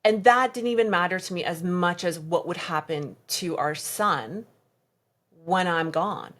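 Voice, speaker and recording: Woman, deep-pitched, podcast guest, halting, reenacts dialogue, conversational testimony. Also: fairly bright tone.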